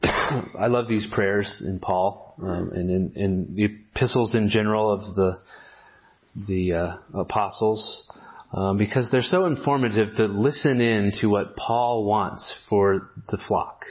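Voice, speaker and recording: A low-voiced man delivers a sermon, working through a text in a measured, explanatory way. He pauses on fillers and restarts his phrases as he thinks. The recording is dull and lo-fi. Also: slightly rough. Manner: measured expository preaching with frequent fillers and restarts. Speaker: pastor.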